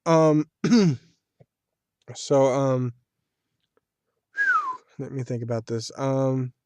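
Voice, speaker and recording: A man's voice: medium pitch, huge pitch swings, very slow, no room sound. A man giving casual solo commentary as a video creator, talking in a chatty, rambling way like a fan. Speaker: video creator reviewing an anime series.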